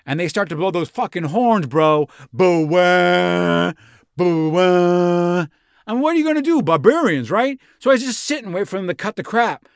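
A man's voice: sits high, sing-song, fast talker, hardly any pauses, no echo, studio quality, voice pushed up. A man voicing a breathless, rambling young Roman envoy who talks like a slang-heavy, swearing bro. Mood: breathless, excited. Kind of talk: comic reenactment in a podcast.

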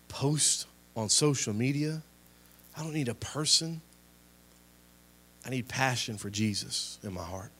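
A man's voice: mid-range voice, a bit bright, husky. Impassioned young man preaching a sermon. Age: young adult. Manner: impassioned, rising and falling in volume, repetitive exhortations. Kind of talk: sermon with closing prayer.

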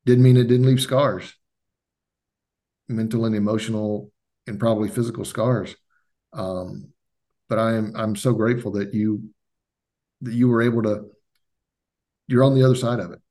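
A man hosting a podcast interview, who talks in a halting, earnest way and repeats his words. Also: lowish voice, fairly even intonation, warm tone. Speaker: podcast host. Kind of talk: casual interview talk.

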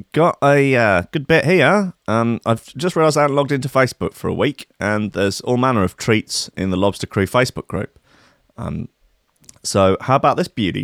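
A man's voice: medium pitch, no echo. Guy ranting and swearing, really up-and-down voice, dry close mic. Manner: sweary, rambling, sardonic. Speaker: podcast host. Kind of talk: casual comedic monologue.

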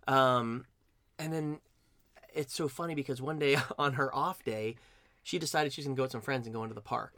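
Host, man in his forties, lively storyteller, dry close mic. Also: moderate pace, dry recording. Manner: animated storyteller, rises in pitch when excited. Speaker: host, barbershop singer. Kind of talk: conversational interview.

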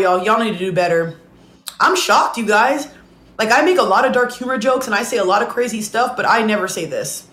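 A woman vents her frustration straight at her audience in a blunt, indignant reaction rant. Her voice sits somewhat high, and the room around her rings with an echo. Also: a bit bright. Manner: blunt and indignant, addresses viewers directly; talks while eating. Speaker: online content creator.

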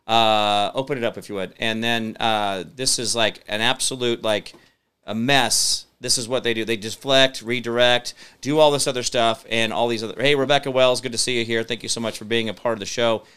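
A man's voice: medium pitch, steady tone, normal speed, pushed and bright, smooth. A man hosting a live-stream show, talking emphatically and reading viewer comments, rambling with many fillers. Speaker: show host.

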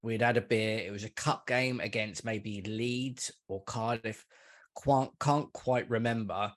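A man's voice: lowish voice, fairly even intonation, a little slow. A man, a podcast guest, chatting casually about football and swearing freely. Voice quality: swears freely, calls listener mate and man. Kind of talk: casual chat.

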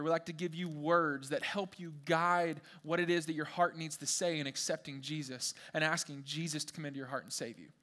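A young man preaching a sermon, animated and conversational, firing questions at the congregation. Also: high-pitched. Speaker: pastor.

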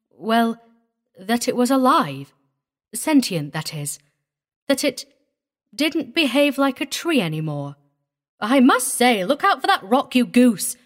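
Dry drawling countrywoman played by a woman, bossy but cheerful, high and loud. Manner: dry drawl, snapping at the driver.

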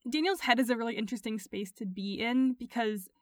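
A woman co-hosting a podcast, talking casually in an animated, playful way with frequent laughs. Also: on the high side, a little fast, dry recording, studio quality. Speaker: podcast co-host. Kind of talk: casual chat.

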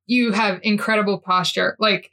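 A woman's voice: mid-range voice, fairly even intonation, normal speed, bright, forceful tone. A woman hosting a podcast, chatty and giggly, reading stories aloud. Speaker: podcast host.

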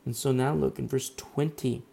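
A hoarse man with a worn-out throat preaching a casual, rambling sermon, full of fillers and asides. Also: medium pitch, fairly even intonation, normal speed, dark tone. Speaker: pastor.

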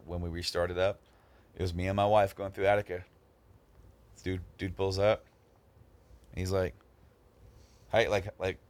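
A man with a somewhat low voice swaps stories with friends in a relaxed chat. He tells them in a lively way, playing out the other people's lines, and he often stumbles and repeats his words. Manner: animated, acts out the other people in his story; repeats words and restarts a lot. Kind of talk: casual storytelling among friends.

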